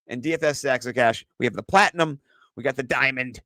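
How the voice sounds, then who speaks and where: An excitable man co-hosting a sports podcast, rambling through his picks with plenty of fillers and the odd curse. His voice sits at an ordinary pitch. It is recorded close and dry, with no room sound. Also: fast, no echo. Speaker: podcast co-host. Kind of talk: casual sports chat.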